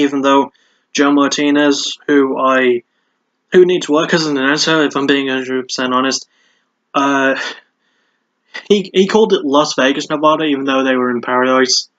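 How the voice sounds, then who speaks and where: A man's voice: on the high side, fairly even intonation, normal speed, long pauses, fairly bright tone, dull audio. A man hosting a casual solo fight review, chatty and prone to repeating words and restarting sentences.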